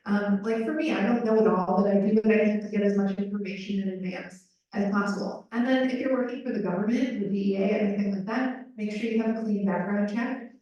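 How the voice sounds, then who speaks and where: A woman's voice: medium pitch, brisk, dark tone, lo-fi sound. Woman voice interpreter for a live panel, conversational with "um"s, heard from far off in a very echoey room. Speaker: sign language voice interpreter.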